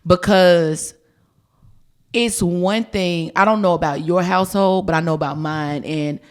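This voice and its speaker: A woman hosting a podcast in casual chat, responsive and expressive with her guest. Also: fairly low pitch, a little slow, clean tone. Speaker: podcast host.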